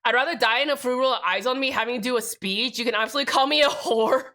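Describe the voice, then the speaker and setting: A woman's voice: on the high side, rapid-fire, pushed and bright. A young woman livestreaming as she builds a keyboard, rambling casually, cutting herself off mid-thought, swearing freely and answering her chat.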